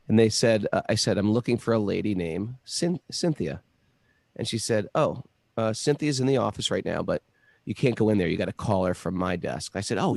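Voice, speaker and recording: Gravelly man telling a rambling story. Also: lowish voice, no room sound. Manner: rambling, animated storyteller with restarts. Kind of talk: casual storytelling.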